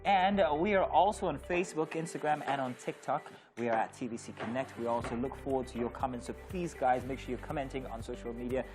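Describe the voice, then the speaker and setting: A man's voice: mid-range voice, fast, hardly any pauses. Nigerian man, morning-show co-host, playful and light, music bed behind. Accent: Nigerian English. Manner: playful, teasing. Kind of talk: casual studio chat.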